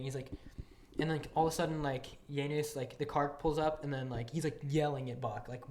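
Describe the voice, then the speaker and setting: A podcast co-host telling a story in casual chat, acting out what coworkers said in lively quoted voices. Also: medium pitch, brisk. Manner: animated, acts out what coworkers said. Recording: echoey room with steady noise.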